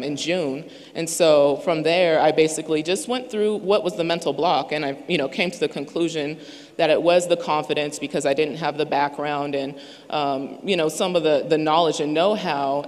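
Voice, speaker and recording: A woman sharing her business story on a panel, hesitant and full of filler pauses. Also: sits low. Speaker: panel speaker. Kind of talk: personal testimony at a live event. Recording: echoey event hall.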